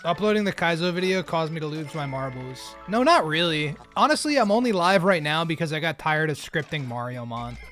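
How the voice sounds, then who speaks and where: Man streamer, slightly high voice, loose and rambly, jokey live chat, faint music under. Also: expressive, a little fast, hardly any pauses, a bit bright. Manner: rambling, joking, often laughing at himself.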